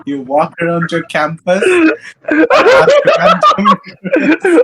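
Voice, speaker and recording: A man's voice: a little high, huge pitch swings, measured pace, noisy background. A man co-hosting a casual podcast chat, joking crudely and playfully. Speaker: podcast co-host.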